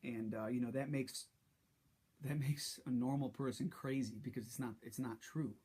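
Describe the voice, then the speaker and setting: A man telling a personal story in a vlog, halting and frustrated, with many restarts. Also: medium pitch, steady tone, dark tone, slightly rough. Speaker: vlogger.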